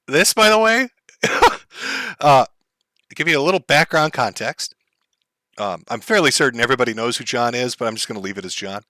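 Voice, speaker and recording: A man hosting a stream, calmly explaining background with plenty of ums and uhs. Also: medium pitch, dry recording. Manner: calm, measured, many fillers. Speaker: commentary streamer.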